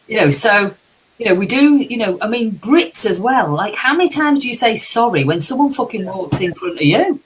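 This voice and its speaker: A woman's voice: mid-range voice, lively intonation, normal speed, slight background noise, poor audio. A British woman co-hosting a casual live chat, telling candid stories and swearing freely. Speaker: co-host, life coach.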